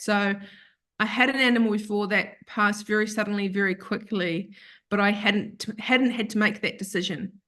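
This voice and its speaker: A woman guest on a podcast, telling an emotional personal story in an animated, earnest way and acting out what other people said. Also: medium pitch. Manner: earnest, open about grief.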